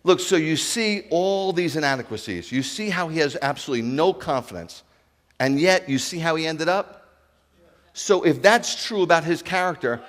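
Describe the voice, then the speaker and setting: A man preaching a sermon as a rabbi, animated, acting out dialogue and asking his congregation questions. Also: a little high, in a large hall. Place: congregation hall.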